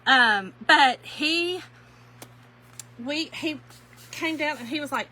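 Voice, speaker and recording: A woman's voice: high-pitched, animated, slow, pauses often, sharp tone, slight background noise, rough recording. A woman with a Southern accent, hosting a craft livestream in casual, teasing chat and laughing often. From US North.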